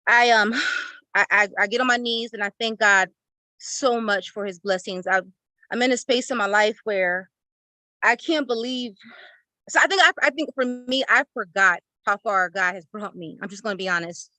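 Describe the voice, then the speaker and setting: A woman's voice: medium pitch, moderate pace, pushed and bright, no room sound, poor audio. A woman on a video call giving a heartfelt, tearful testimony of gratitude, effusive and emotional. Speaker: participant in an online class. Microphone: laptop or phone on a video call.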